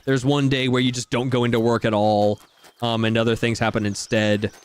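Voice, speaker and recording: A man's voice: medium pitch, level tone, a little fast, smooth. A man casually commenting on a game while he plays, rambling and searching for his words. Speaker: gameplay commentator. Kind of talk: casual let's-play commentary.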